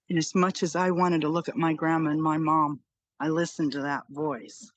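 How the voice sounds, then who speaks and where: An older woman with grandchildren, earnestly recounting a personal near-death experience in an animated, repetitive way. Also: low voice, moderate pace, no echo. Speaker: storyteller.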